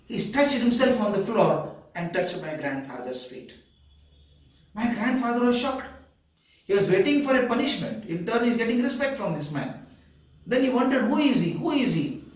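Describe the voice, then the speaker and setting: An older man with an Indian English accent telling a personal story from his childhood in a lively way, acting out the voices he quotes. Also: high-pitched, moderate pace, pauses often. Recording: echoey room, far from the mic.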